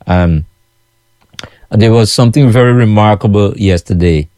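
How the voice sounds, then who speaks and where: A Guyanese man talks casually to his followers about his food business. His voice sits low and mellow. The sound is dry and close, and he keeps circling back with "you know what I'm saying". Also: moderate pace, no echo. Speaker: food vendor running his own kitchen business.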